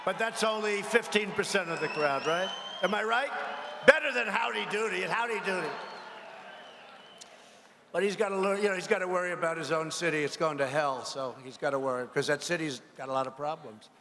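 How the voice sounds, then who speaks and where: A man's voice: high-pitched, a little fast. A man giving a rambling campaign rally speech to a crowd in a large arena, mocking his rivals and asking the crowd for agreement. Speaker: politician at a rally. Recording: echoing hall with faint crowd noise.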